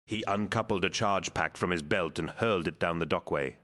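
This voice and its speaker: A man narrating an action audiobook in a measured, dramatic reading. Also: low-pitched, a bit bright. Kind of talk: scripted narration.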